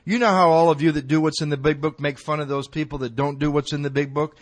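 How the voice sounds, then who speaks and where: A man's voice: a little high, fairly even intonation, quick pace. A middle-aged man giving a recovery talk to an audience, telling stories in a colloquial, self-mocking way. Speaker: recovery speaker.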